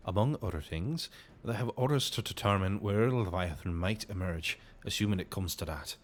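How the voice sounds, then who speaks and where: A man's voice: deep voice, normal speed. A man voicing a grave military commander with an Irish accent, speaking formally and cautiously. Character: grave military commander, worried for his men.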